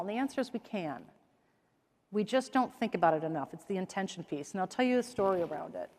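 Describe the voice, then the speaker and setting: Storytelling woman speaker in a reverberant hall. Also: medium pitch. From American Midwest. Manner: lively storytelling, acts out quoted voices. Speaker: keynote speaker. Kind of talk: keynote talk on stage. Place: conference hall stage. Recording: large hall with long reverb.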